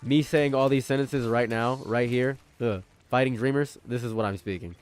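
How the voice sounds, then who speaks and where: A man's voice: mid-range voice, moderate pace. Playful rambling young man. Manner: playful, joking, repeats lines for effect. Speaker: streamer. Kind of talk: casual rambling stream banter.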